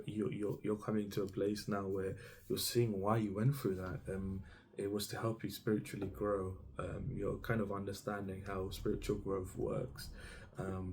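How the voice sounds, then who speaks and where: A man's voice: low-pitched, darkish tone, a little hiss or hum. A man giving an intuitive tarot reading straight to the listener as "you", meandering and hesitant, full of ums and restarts. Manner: speaks directly to the listener as "you". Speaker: tarot reader.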